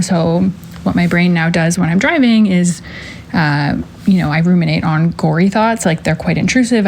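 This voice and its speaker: A woman leaving a recorded question for a podcast, speaking hesitantly with many pauses and fillers. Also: on the low side, creaky, a little hiss or hum.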